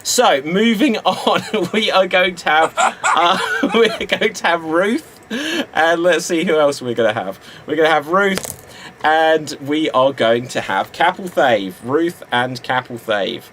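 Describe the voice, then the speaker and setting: A man's voice: a little high, expressive, a little slow, a bit bright, slight background noise. A man hosting a live-streamed improv show, announcing rounds and calling time through giggles.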